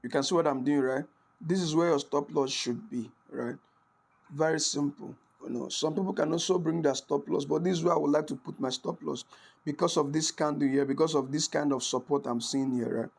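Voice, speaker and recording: A forex trading instructor speaks briskly in a slightly high, gravelly voice with a steady tone. His screen-recorded tutorial is conversational, peppered with "right?" check-ins and frequent self-corrections and restarted sentences.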